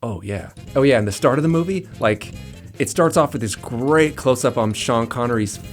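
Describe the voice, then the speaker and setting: A man's voice: mid-range voice, moderate pace, soft background music. A man casually reviewing a movie in a rambling, jokey way, laughing often and filling his talk with "like". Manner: enthusiastic, jokey, laughs often, many "like" fillers.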